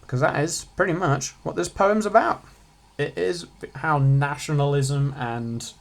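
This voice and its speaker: A teenage boy, giving a casual, offhand revision lesson with jokey asides. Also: on the high side. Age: teens. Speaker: student revising on his channel.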